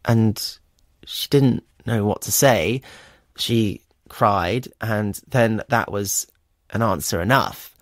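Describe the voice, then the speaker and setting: A man's voice: fairly low pitch, takes it slowly, dry recording. A young man in his twenties from England, a guest telling his story in a radio interview, candid and earnest with many fillers. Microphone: studio microphone. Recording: dry studio sound.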